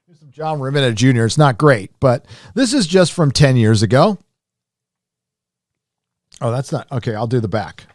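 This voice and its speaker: A man hosting a live stream, rambling casually with lots of fillers and restarts, his voice rising when animated. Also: medium pitch, moderate pace, long pauses, no echo, studio quality. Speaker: live show host.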